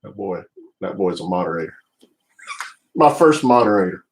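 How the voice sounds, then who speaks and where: Laid-back Southern man, low voice. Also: lively intonation, moderate pace, low-quality recording. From United States. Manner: rambling, restarts often, laid-back. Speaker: live stream host. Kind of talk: casual live stream chat. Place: home office.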